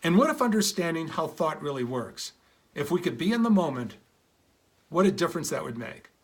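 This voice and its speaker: Middle-aged male speaker, earnest motivational storyteller, slightly high voice, acts out dialogue. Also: very animated, brisk, slightly rough. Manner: earnest, shifts pitch to act out quoted dialogue.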